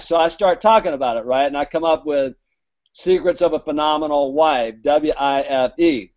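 A man's voice: fairly high pitch, normal speed, a little mellow. Chatty man telling stories. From Alabama, US. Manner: rambling, chatty, acts out quoted dialogue. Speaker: guest author. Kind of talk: casual storytelling interview. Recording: dull lo-fi audio.

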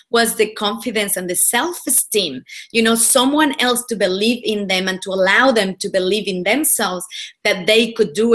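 A woman from Mexico with a Spanish accent, telling her story earnestly as an interview guest on a video call, with many "you know"s. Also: medium pitch. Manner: animated, earnest storytelling with frequent fillers. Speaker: women's leadership coach.

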